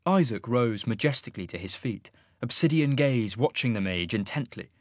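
A man narrates a fantasy audiobook with a very lively, swooping pitch. His storytelling delivery is expressive, and the recording is dry and close. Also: normal speed, hardly any pauses, no room sound.

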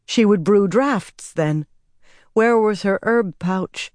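Reading from a script, a woman with a medium-pitched voice narrates an audiobook in a measured, expressive style. The sound is dry and studio-clean.

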